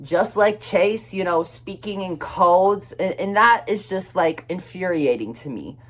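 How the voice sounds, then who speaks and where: A young man chatting through a personal story in a casual vlog, rambling and swearing freely, quick to flare up. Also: sits high. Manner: chatty and expressive, swears freely, flares up when retelling anger; rambling, restarts and many fillers.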